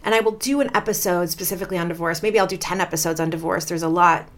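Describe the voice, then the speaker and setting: A woman's voice: on the low side, fast. A woman in her thirties talks straight into a close podcast mic as a life coach. Her delivery is candid and emphatic, and she swears without hesitation. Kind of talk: personal podcast monologue.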